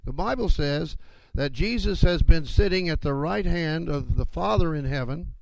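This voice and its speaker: A male preacher delivers an emphatic sermon in a slightly high voice with a gravelly edge. He keeps pausing to call for amens. The sound is dry and close. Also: expressive, darkish tone, no echo.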